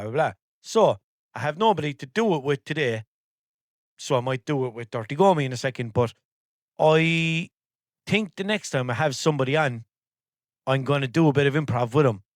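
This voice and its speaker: A man's voice: medium pitch, no room sound, studio quality. An Irish man hosting a podcast in casual chat, rambling and sweary and easily exasperated. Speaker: podcast host.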